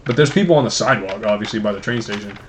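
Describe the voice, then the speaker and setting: A man's voice: on the low side, rapid-fire, slight background noise. A young man co-hosting a casual podcast, telling rambling, profane stories between games. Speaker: podcast co-host. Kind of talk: casual chat while gaming.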